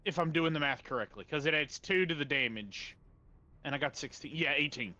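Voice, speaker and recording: Male player, slightly high voice, muffled dry lo-fi recording, talks through his math. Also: fairly quick, sharp tone. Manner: thinks aloud over rules and dice math. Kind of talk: tabletop game play.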